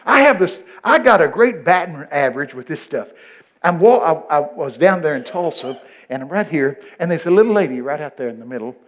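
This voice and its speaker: An older man preaching a folksy sermon full of stories, breaking into loud excited bursts. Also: a little high, brisk. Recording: muffled lo-fi recording.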